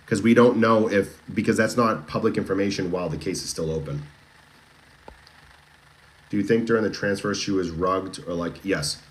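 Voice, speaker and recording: Guy with a boston accent running a true crime live stream, deep voice, chatty, keeps restarting sentences and throwing questions at chat. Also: normal speed. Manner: chatty, with frequent restarts and direct questions to viewers. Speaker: true crime livestream host. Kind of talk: casual live-stream chat reading viewer comments.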